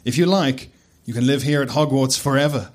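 A man's voice: medium pitch, brisk, close to an everyday voice. A man voicing a lazy, crude old male headmaster wizard who talks casually, swears, and chuckles. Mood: laid-back. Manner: laid-back, swearing, chuckling.

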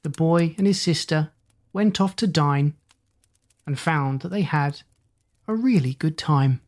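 A storyteller reading rhyming children's stories in a measured, sing-song way. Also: medium pitch, a little mellow.

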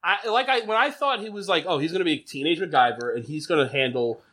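A man co-hosting a casual podcast chat, animated and swearing, laughing often. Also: a little high, quick pace, breathy edge. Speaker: podcast co-host.

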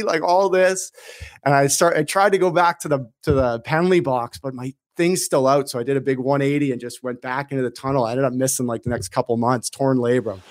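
A man's voice: mid-range voice, fairly quick, no echo. Dry-sounding man telling a hockey story. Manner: animated, acts out his own shouts in the story. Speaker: podcast guest, former pro hockey player. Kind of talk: casual storytelling.

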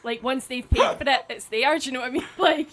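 Woman, 30s, slight lisp, high-ish voice, casual podcast chat. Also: steady tone, fast, a bit bright, poor audio. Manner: chatty storyteller, many restarts and laughs. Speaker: podcast co-host.

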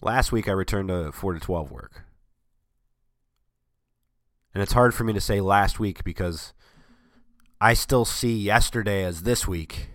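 A man with a very low voice, worn and strained from a cold, chats casually into his desk mic. He rambles and jokes at his own expense with dry sarcasm. The sound is close and dead, with no room echo. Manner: sarcastic, rambling, self-mocking. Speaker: vlogger. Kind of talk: casual chat.

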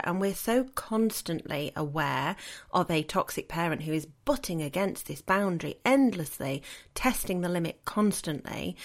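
Gravelly-voiced woman podcast host. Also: on the low side. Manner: earnest, reflective, conversational. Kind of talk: solo podcast monologue.

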